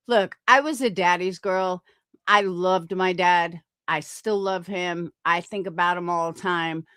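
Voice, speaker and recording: A woman's voice: on the low side, unhurried, fairly bright tone, smooth, no echo, studio quality. A middle-aged woman streamer commenting on clips in a blunt, profane, sarcastic way.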